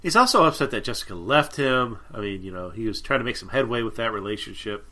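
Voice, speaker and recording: A man's voice: medium pitch, animated, fast, bright, forceful tone. A man co-hosting a podcast, casually summarizing a TV episode's plot with lots of fillers. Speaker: podcast co-host. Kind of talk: casual chat recapping a TV episode.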